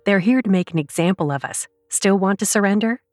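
A woman's voice: mid-range voice, expressive, brisk, music in the background, voice pushed up, close to an everyday voice. A woman narrator voicing a tough, decisive young female student who speaks bluntly and urgently.

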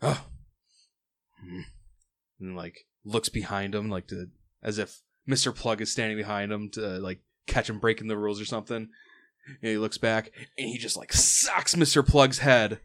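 A man's voice: fairly low pitch, steady tone, moderate pace, fairly bright tone. Laid-back man running a tabletop game. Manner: loose, filler-heavy, laughing. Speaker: game master.

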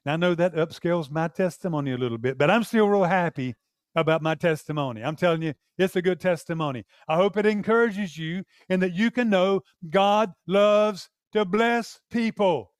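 A man's voice: sits high, normal speed, smooth, no echo. An older man preaching a sermon, telling a personal testimony and acting out the dialogue in his story. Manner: animated storyteller, acts out dialogue. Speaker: pastor.

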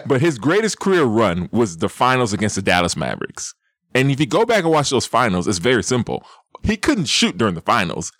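A man's voice: mid-range voice, wildly swooping pitch, a little fast, fairly bright tone, no room sound, clean studio sound. A man co-hosting a podcast, arguing his opinions in an emphatic, casual way. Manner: emphatic, argumentative hot takes. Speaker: podcast co-host.

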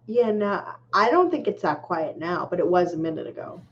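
A woman co-hosting a podcast in easygoing casual chat, quick to laugh. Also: fairly low pitch, big pitch swings. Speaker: podcast co-host. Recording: muffled lo-fi call with faint noise.

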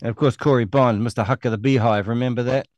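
A middle-aged New Zealand man tears into his targets in a long, profane rant, scornful and relentless. His voice sits at an ordinary pitch and sounds dry and close, with no room around it. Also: steady tone, quick pace, darkish tone, dry recording, muffled recording. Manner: angry, scornful, profane ranting. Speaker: online show host. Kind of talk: ranting monologue.

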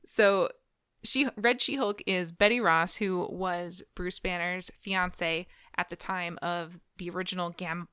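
A woman's voice: lowish voice, fairly even intonation, unhurried, pushed and bright, clear, resonant tone, dry recording, studio quality. Chatty, laughing woman podcaster. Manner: chatty, laughs often, many fillers. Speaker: podcast co-host. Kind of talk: casual chat.

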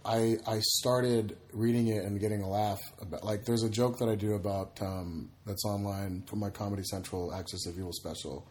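A man's voice: lowish voice, fairly even intonation, moderate pace, hardly any pauses, a little mellow. A man, a comedian and podcast guest, chatting casually and acting out voices in his stories. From Egypt / United States. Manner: storytelling, acts out voices in anecdotes.

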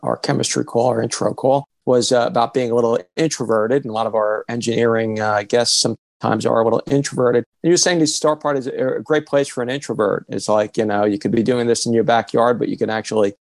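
A man's voice: mid-range voice, steady tone, fast talker, gravelly, hardly any pauses, dry recording. A man co-hosting an interview podcast, chatty and telling anecdotes. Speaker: podcast co-host. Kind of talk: casual conversation.

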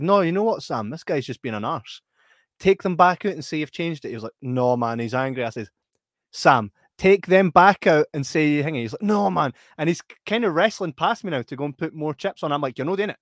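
In a dry, studio-quality recording, a Scottish man with a slightly high voice swaps casual chat for funny stories. He laughs a lot, performs different voices, and tells his tales with animated energy.

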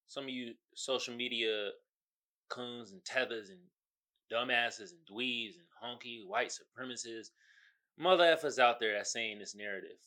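A man's voice: mid-range voice, animated, normal speed, sharp tone. An American man hosting his own podcast, ranting in a mocking, profane way and laughing at his own jokes. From United States. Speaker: podcast host. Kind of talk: solo podcast rant.

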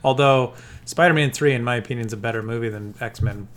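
A man's voice: medium pitch, fast. A man co-hosting a casual podcast chat, opinionated, laughing easily, swearing and saying like a lot. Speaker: podcast co-host.

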